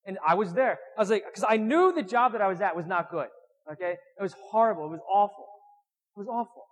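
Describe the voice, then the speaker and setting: A man preaching a sermon, animated, acting out whiny voices with sudden loud and soft turns. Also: high-pitched, brisk, big-room sound, poor audio.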